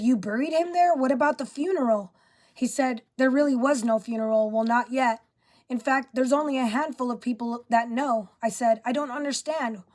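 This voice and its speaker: A woman reading a first-person story written by her father, carrying the dialogue with quiet emotion and little change of voice. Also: a little high.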